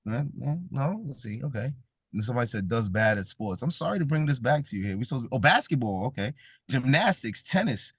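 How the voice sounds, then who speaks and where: A man's voice: medium pitch, big pitch swings, fairly quick, a bit bright, breathy edge, no room sound, studio quality. A man from Brooklyn, New York, giving a comedic motivational talk. He jokes, laughs often and keeps talking with the audience. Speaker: event speaker.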